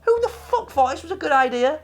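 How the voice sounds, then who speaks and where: A woman's voice: sits high, very animated, a little fast. A woman co-hosting a game review show, ranting about a game in casual, profane, exasperated chat.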